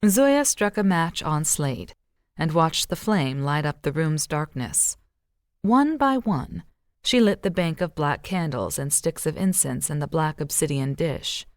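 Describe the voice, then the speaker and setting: Measured audiobook narrator, woman with a low voice, recorded dry. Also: animated, no echo.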